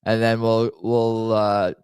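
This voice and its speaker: A man's voice: on the low side, level tone, takes it slowly, darkish tone, clean tone, no room sound. A man hosting a casual live stream, chatting and rambling with many fillers and restarts. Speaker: stream host. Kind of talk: casual stream chat reacting to memes. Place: home.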